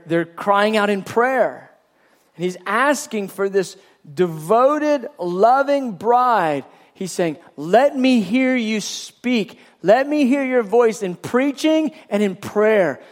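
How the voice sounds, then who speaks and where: A male preacher teaching through a sermon with a fairly high voice. He speaks fervently and emphatically, repeating words as he builds toward each point.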